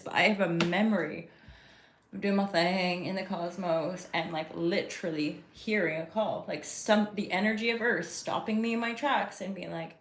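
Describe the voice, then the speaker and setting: A woman's voice: fairly low pitch, moderate pace, slight background noise. A woman giving a casual live tarot reading, rambling and chatty as she talks to her viewers. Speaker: tarot reader and host. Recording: roomy echo.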